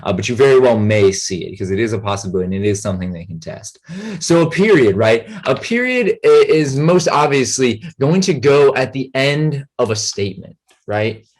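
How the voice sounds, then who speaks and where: A man giving a relaxed, rambling grammar lesson as a tutor, full of fillers and check-ins with his students. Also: mid-range voice, moderate pace.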